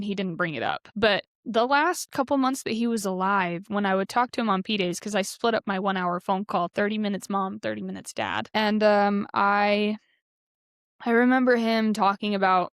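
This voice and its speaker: A woman's voice: mid-range voice, no room sound. Earnest woman in her twenties, guest sharing her story, filler-heavy, dry studio sound. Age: 20s. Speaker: podcast guest. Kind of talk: candid personal storytelling.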